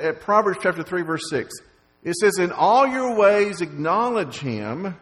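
A man's voice: on the high side, fairly bright tone. A man preaching a sermon, stumbling over repeated words and fillers, then rising to stress key lines. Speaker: pastor. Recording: long reverb of a large hall.

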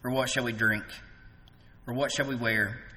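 A man preaching an evening sermon, rising loud for emphasis and dropping soft to voice quoted words. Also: mid-range voice, fairly even intonation, normal speed, in a large hall.

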